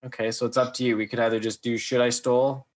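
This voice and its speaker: A man's voice: mid-range voice, level tone, fast talker. Dry joking podcast host, man. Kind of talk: casual chat, mock ad read.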